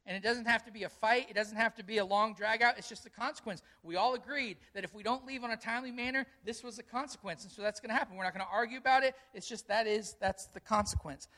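High, bright-voiced pastor preaching earnestly. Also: male voice, quick pace, hardly any pauses. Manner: earnest, repeats key phrases for emphasis; conversational, tells personal family stories. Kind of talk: sermon.

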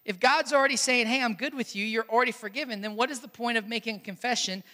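A man preaching a sermon as a pastor, earnest and emphatic, repeating key phrases with pauses. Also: very high-pitched, bright, forceful tone, long reverb tail.

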